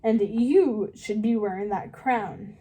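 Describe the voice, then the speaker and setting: A woman voicing a scheming male rat in a storybook reading, speaking softly and slyly. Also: mid-range voice, slow pace, rough recording. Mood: coaxing. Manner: soft, coaxing and sly.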